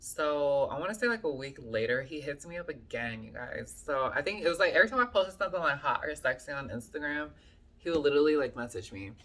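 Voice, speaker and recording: A woman's voice: low voice, animated, fast talker, fairly bright tone. A woman telling a story to her viewers in a casual vlog, chatty and full of fillers, often calling them y'all. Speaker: vlogger.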